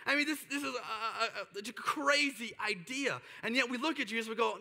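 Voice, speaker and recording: A man preaching a sermon to a church service, energetic and sarcastic, firing off rhetorical questions. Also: very high-pitched, a little fast, creaky, big-room sound. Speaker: pastor. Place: large church auditorium.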